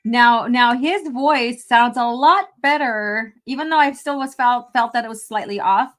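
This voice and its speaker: A woman's voice: fairly high pitch, measured pace, a bit bright. A woman live-streaming a fan film review, talking casually, laughing and swearing often.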